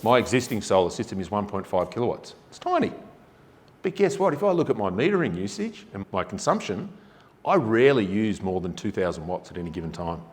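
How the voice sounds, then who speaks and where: Low-voiced Australian man in a reverberant hall. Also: big pitch swings, a little fast. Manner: conversational and emphatic, rhetorical questions. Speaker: energy efficiency presenter. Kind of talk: public forum talk. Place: forum venue hall.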